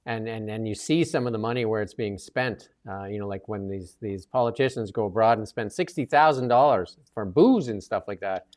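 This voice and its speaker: A man hosts a loose political chat show. He rambles, backtracks and fills pauses while getting his point out. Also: fairly low pitch, darkish tone. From Canada. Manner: rambling, many restarts and fillers. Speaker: host.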